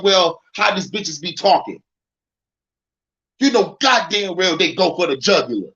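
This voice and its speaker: A man's voice: sits high, expressive, unhurried, pauses often, bright, forceful tone, highs cut off. A man hosting a casual livestream, ranting and rambling in heated, profane commentary. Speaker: livestream host. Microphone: phone.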